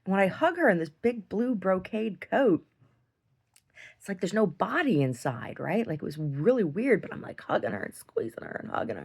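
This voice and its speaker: Gravelly-voiced woman rambling through a video diary. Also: on the low side, very animated, normal speed, a little mellow. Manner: rambling storyteller with frequent restarts; laughs often while talking. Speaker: video diarist.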